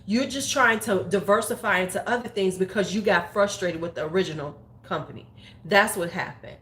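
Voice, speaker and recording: A woman's voice: medium pitch, brisk, a bit bright, slight background noise. Blunt, profane woman with a roomy echo. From United States. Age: 40s. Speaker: beauty YouTuber. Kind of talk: casual opinion chat.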